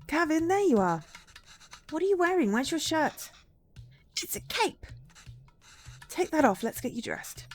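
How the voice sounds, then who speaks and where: A woman reading the lines of a young mother in a story game, brisk and motherly. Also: high-pitched, sing-song, faint music behind, voice pushed up, heavily acted. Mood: scolding. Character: caring young mother, calm and gently firm.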